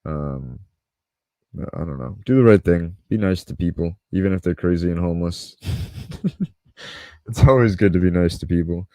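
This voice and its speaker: A man's voice: deep voice, fairly quick, mellow, no echo. A man hosting a podcast, telling a story casually, swearing freely and acting out what others said. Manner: laid-back, swears freely, acts out quotes. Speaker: podcast host.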